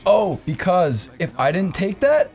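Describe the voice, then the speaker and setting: Animated swearing young man storyteller. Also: sits high, unhurried, soft background music. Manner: animated, swears a lot, acts out quotes. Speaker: podcast co-host. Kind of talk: crude comedic storytelling.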